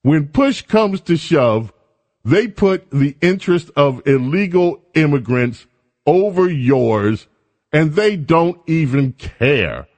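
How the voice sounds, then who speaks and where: A man's voice: a little high, animated, slow pace, a little mellow. A man hosting an opinion show, speaking in a sarcastic, mocking and emphatic way. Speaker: commentary host. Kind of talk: opinion commentary.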